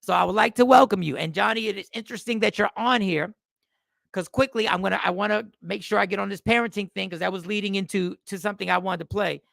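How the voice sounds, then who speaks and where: A man's voice: sits high, fast talker, creaky, fairly bright tone, no echo, clean studio sound. A man hosting a casual livestream, talking animatedly to viewers and greeting them by name, repeating himself often. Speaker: livestream host.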